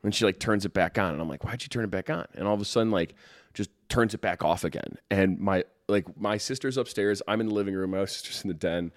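Young man, podcast guest, lively storyteller, dry close sound. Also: on the low side, fast, dry recording. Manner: animated, swears, acts out the people in his stories. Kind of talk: casual storytelling.

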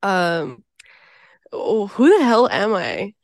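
Young woman from hawaii, sick and wheezy, slow nervous talk, dry close sound. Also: medium pitch, very animated, a little mellow, dry recording. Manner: nervous and hesitant, many ums. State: ill, a bit wheezy. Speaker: guest, traveling hairstylist. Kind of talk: casual podcast chat.

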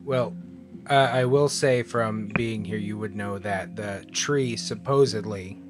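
A man's voice: fairly low pitch, slow pace. Guy dm describing the room, chill explaining tone, guitar music playing behind. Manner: relaxed, explaining rules and scenes. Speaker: dungeon master. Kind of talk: narrating a tabletop game.

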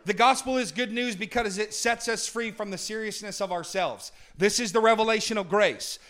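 A man preaching a sermon, moving from booming to hushed and asking the congregation to answer back. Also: normal speed. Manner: dynamic, swings from booming to hushed; talks with the congregation, asks for responses.

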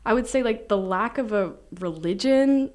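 Excitable young woman podcast co-host. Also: a little high. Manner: excitable, giggly, fast storytelling. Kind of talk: casual chat.

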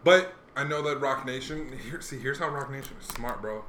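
A man's voice: mid-range voice, moderate pace, sharp tone, slight background noise. A man in casual chat, rambling and hedging with lots of fillers. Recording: echoey room, faint ambience.

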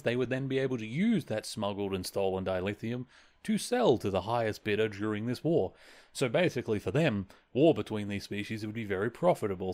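A man's voice: on the low side, a little mellow. Chatty man recapping an episode. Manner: chatty, many fillers, quotes characters in passing. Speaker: podcast host.

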